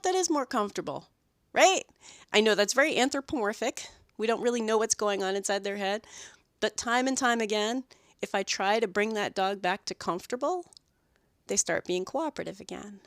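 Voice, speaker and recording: A woman talks through her podcast in a casual, animated way. She keeps dropping into little acted-out quotes, tagging her points with "right?" The recording is dry and close, with no room sound. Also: mid-range voice, dry recording. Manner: animated, acts out dog and owner voices, frequent "right?". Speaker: podcast host and dog groomer.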